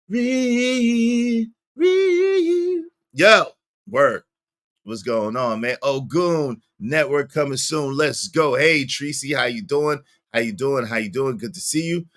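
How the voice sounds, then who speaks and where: A man hosting a casual livestream, greeting viewers by name, with sudden jumps into squeaky high tones. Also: a bit bright. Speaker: livestream host.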